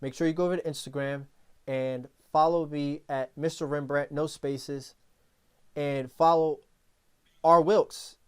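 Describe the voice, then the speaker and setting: A man hosting a podcast in casual talk, telling stories in a rambling, animated way with many restarts. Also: on the high side, measured pace, clear, resonant tone. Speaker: podcast host.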